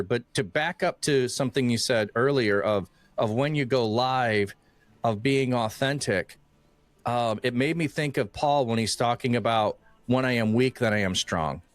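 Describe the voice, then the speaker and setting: A man from Michigan hosting a casual podcast conversation, animated and acting out quoted voices as he talks, often restarting phrases. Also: mid-range voice, no echo. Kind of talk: casual chat.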